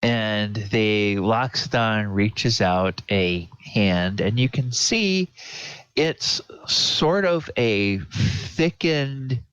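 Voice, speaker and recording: A man narrating as game master, slow and searching with many fillers. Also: fairly low pitch, expressive, a bit bright, clean tone, no echo. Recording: dull lo-fi audio.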